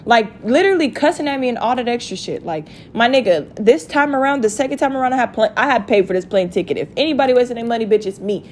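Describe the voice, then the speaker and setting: A young woman telling a story to her viewers in a casual rant, profane and animated. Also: on the high side, quick pace, few pauses, a little hiss or hum. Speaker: vlogger.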